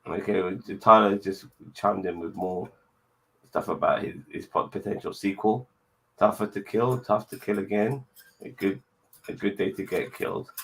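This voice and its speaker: A man hosting a casual online chat show, blunt and quick to swear, with cheery sign-offs. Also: on the low side, steady tone, low-quality recording. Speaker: podcast host.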